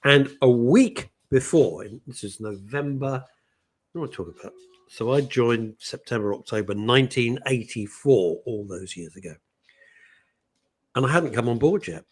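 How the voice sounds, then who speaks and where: A man's voice: mid-range voice, moderate pace, breathy edge. A British man co-hosting a radio show, telling anecdotes in casual chat. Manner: storytelling, animated, laughs often. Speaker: radio co-host.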